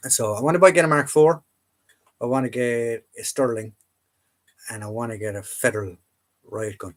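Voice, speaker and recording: A man's voice: medium pitch, normal speed. Rambling Irish man chatting live. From Ireland. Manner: rambling and chatty, with frequent restarts and fillers. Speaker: live-stream host. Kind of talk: casual live chat. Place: home room full of collectibles.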